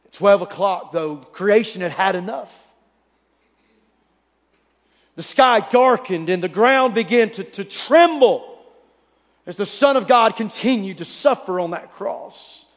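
Male pastor, high voice, dramatic storytelling sermon, long hall reverb. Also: lively intonation, slow, long pauses. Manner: dramatic storytelling, swinging from loud to hushed.

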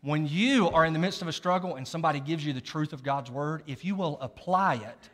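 A man's voice: fairly high pitch, fairly quick, fairly bright tone. A man preaching a sermon as a story, folksy, laughing at himself and checking in with the audience. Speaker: pastor. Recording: long reverb of a large hall.

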